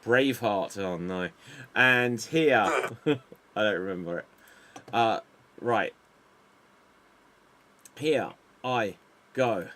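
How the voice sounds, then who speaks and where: A man hosting an improv game, calling time and joking with wry, unhurried banter. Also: on the low side, fairly bright tone. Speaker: improv show host.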